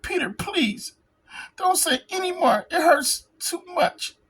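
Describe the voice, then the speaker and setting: A hurt young heroine pleads in a raised, plaintive voice, as a woman reads her lines aloud from a comic. The delivery is slow and unhurried. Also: very high voice, animated, voice pushed up, heavily acted, low-quality recording. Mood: hurt, pleading. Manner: reading comic dialogue aloud.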